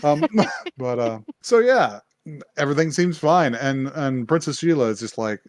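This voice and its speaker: A man co-hosting a podcast, casually recapping an anime episode, animated and swearing, acting out characters' lines. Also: mid-range voice, moderate pace, no echo, studio quality. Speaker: podcast co-host.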